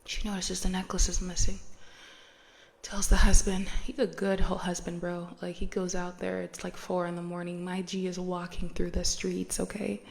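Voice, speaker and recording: A woman's voice: fairly low pitch, completely flat delivery, moderate pace, creaky. A woman hosting a podcast who retells a story in a chatty, slangy, casual way and laughs often. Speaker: podcast host.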